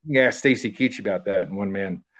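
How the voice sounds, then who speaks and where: A man's voice: lowish voice, moderate pace. An older man in his seventies telling a long personal story in a rambling, profane way, acting out what people said. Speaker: interviewee telling a life story. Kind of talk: casual spoken anecdote. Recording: dull, muffled lo-fi recording.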